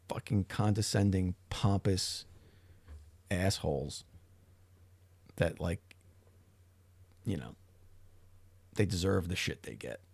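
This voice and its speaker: A middle-aged man hosts a livestream, chatting casually and rambling with frequent restarts and swearing. His low voice is husky with vocal fry, and the recording is dry.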